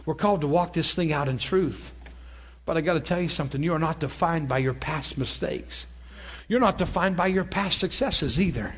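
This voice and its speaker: A man's voice: on the high side, normal speed, a bit bright, slightly rough. A man preaching a sermon at a church school, telling a story in an earnest, conversational way that climbs into fervent peaks. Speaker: pastor teaching a ministry school. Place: church hall before an audience.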